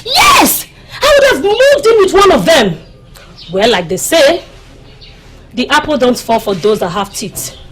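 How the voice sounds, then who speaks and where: Teasing Nigerian village girl, husky, bouncy pitch, playful. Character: teasing young village woman, playful gossiping friend. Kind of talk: Nollywood film acting.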